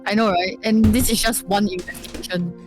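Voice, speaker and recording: A woman co-streamer with a mid-pitched voice who answers in short, dry lines, often repeating the host's words back to her. Faint music runs quietly underneath. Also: fairly even intonation, brisk. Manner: brief, dry replies, echoing the host. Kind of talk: casual live-stream chat.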